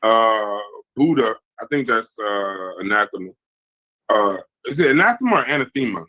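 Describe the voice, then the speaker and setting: Bright-voiced man reading chat aloud. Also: lowish voice, unhurried, rough recording. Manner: animated, reads chat comments aloud. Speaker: podcast host reading the chat. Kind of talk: heated casual debate.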